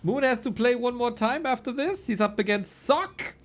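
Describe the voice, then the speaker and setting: A man's voice: extremely high pitch, expressive, normal speed. A man casting a live esports match, playful and chatty, talking to his chat and calling out at the screen. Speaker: esports caster. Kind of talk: live game commentary.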